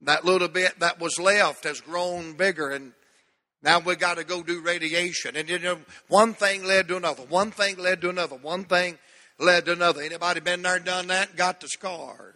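A man's voice: high voice, fairly even intonation, normal speed, pushed and bright. A man preaching a sermon to a church congregation, telling a folksy story and drawing out key words for emphasis. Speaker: pastor. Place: church sanctuary. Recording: long church hall reverb.

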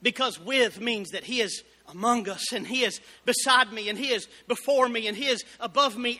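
A man preaching a fervent Baptist sermon, building up to shouted exclamations. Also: very high-pitched, normal speed, hardly any pauses. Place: church sanctuary. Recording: reverberant church hall.

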